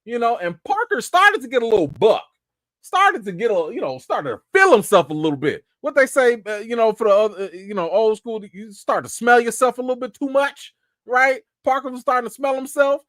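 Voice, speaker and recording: A man's voice: extremely high pitch, sing-song, a little fast, fairly bright tone, no room sound, clean studio sound. A man hosting a casual live-stream review, talking straight to his viewers in slang. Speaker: TV series reviewer and live-chat host.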